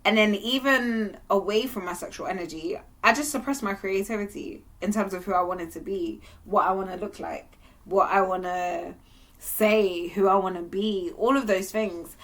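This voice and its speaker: A young woman talking to camera in a candid, animated monologue, sometimes breaking into laughter. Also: medium pitch, moderate pace. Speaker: vlogger.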